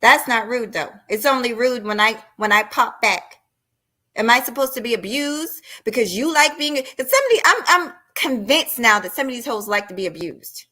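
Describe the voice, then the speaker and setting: On her live stream, a woman lets loose a heated rant in a bright, slightly high voice, blunt and profane. She confronts her audience directly, with lively intonation at a moderate pace.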